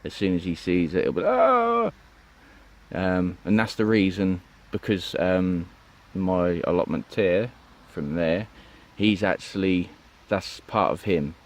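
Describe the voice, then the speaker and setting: A man's voice: low voice, unhurried, hardly any pauses, a little mellow. A man giving a rambling, chatty tour of his allotment outdoors, full of ums and asides. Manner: rambling, chatty, lots of ums and "you know what I mean". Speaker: allotment vlogger. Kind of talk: casual walk-and-talk vlog.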